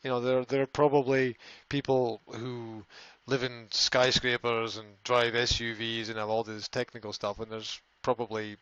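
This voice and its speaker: Man, live-stream host, rambling casual chat, repeats words, mid pitch, dry lo-fi audio. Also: level tone, normal speed, few pauses, fairly bright tone, clean tone, dry recording. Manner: rambling, repeats words, reads out viewer comments. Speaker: language school host answering live chat.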